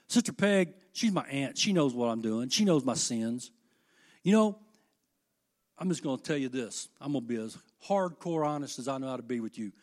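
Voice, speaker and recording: A middle-aged preacher delivers a sermon in a voice pitched a little high for a man. He talks in a folksy way and drops to hushed, confiding lines before building to loud, fervent peaks. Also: very animated, moderate pace. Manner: impassioned and folksy, swinging between hushed and loud emphatic peaks.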